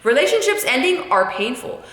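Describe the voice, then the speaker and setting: A woman's voice: sits high, very animated, brisk, a bit bright, echoey room. A young woman talking straight to camera about getting over a breakup, candid and emphatic, often repeating lines for weight. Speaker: YouTuber giving breakup advice. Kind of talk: casual advice monologue to camera.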